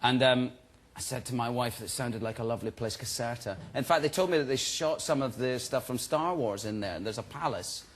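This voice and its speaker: A man in his thirties, guest on a chat show, telling stories in a relaxed, chatty way and laughing as he goes. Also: mid-range voice, a little fast, hardly any pauses, slight background noise. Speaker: guest actor. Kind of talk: casual chat-show interview.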